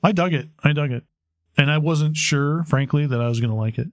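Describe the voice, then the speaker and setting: A man co-hosting a comic book podcast, speaking in casual chat with hesitant, halting phrasing. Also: on the high side, no echo, studio quality. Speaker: podcast co-host.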